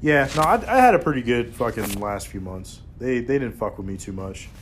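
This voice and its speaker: A man's voice: mid-range voice, fairly quick, noisy background. Profane man telling war stories. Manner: animated, profane, acts out quotes in a raised voice. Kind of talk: casual storytelling.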